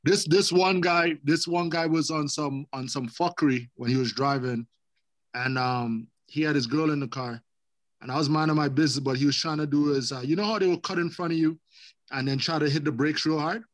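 Relaxed slangy man, dry sound. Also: fairly high pitch, fairly quick, no echo. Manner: relaxed, slangy, swears often. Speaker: podcast co-host. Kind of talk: casual chat.

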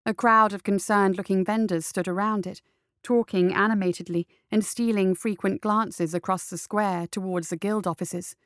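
A woman reading a story aloud in steady scripted narration. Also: mid-range voice, normal speed, no room sound, clean studio sound. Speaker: audiobook narrator.

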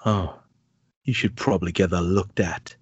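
Man reading as a deadpan action hero, deeper than his own voice, dry sound. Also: normal speed, slightly rough, no room sound, highs cut off. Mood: flat. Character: action hero father giving plain advice.

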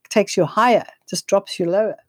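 A woman guest speaking on nutrition in an interview, telling stories in a quick, energetic way with frequent restarts. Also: mid-range voice, dry recording. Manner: fast, energetic, with frequent restarts and repeated words. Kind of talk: conversational storytelling interview.

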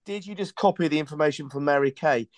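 A man's voice: fairly high pitch, fast, no room sound. Chatty man hosting, dry sound. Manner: joking, chatty, rambling. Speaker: podcast host. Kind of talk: casual podcast chat.

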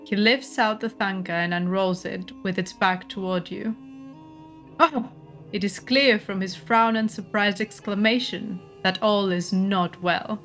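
A woman's voice: mid-range voice, fairly bright tone. A woman narrating a tabletop horror game as game master, describing scenes and often laughing.

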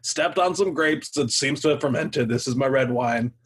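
A man voicing a rough, blunt male bartender who speaks loudly and without apology. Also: medium pitch, normal speed. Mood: boastful.

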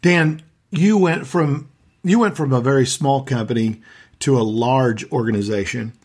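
A man's voice: mid-range voice, a little mellow, slightly rough. A middle-aged man hosting a casual conversation about sales, talking in a firm, storytelling way.

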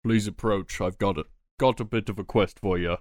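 A man voicing a calm male guildmaster in a tabletop game, measured and a little hesitant. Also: lowish voice, dry recording, clean studio sound, close to an everyday voice.

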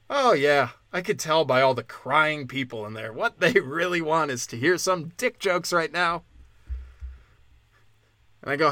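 This man's voice sits a little high and is expressive, with a measured pace and sharp tone, recorded without echo. He tells a crude stand-up comedy story in a podcast style, ranting and acting out the voices of the people in it.

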